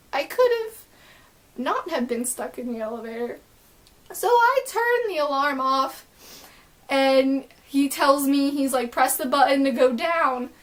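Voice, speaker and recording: A young woman with a high voice tells a personal story for her vlog. She rambles excitedly and leans on filler words throughout. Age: young adult. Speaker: vlogger.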